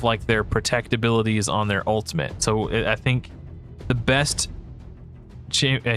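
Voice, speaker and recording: A man's voice: lowish voice, fairly bright tone. A man giving casual thinking-aloud commentary as a gaming video creator, rambling and hesitant with frequent restarts and fillers.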